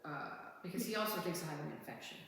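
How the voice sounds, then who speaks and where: A woman's voice: low-pitched, fast. Chatty woman telling stories in an echoey room. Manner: animated storyteller, acts out quoted voices. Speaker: podcast co-host. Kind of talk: casual chat, storytelling. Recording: echoey room with long reverb.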